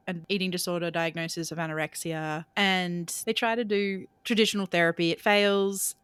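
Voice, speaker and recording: A woman hosts a casual podcast conversation, nodding along and then explaining ideas through worked examples. Her voice sits on the low side. The recording is dry, with no room echo. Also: fairly bright tone, clear, resonant tone. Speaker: podcast host.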